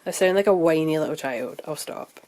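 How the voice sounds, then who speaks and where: Scottish woman vlogger, lowish voice, rambling and chatty, casual home chat. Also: fairly quick. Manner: chatty, thinking out loud, rambling. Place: room at home.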